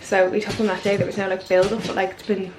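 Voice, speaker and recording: With a flat delivery and a quick pace, a young Irish woman rambles through a casual vlog, leaning heavily on "like" and "literally". Her voice is medium-pitched. A distant mic gives a reverberant sound over noisy background ambience.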